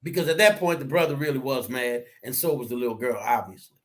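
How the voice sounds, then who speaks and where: A man co-hosting a casual discussion, talking in a preachy, animated way that rises to near shouts. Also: medium pitch, fast.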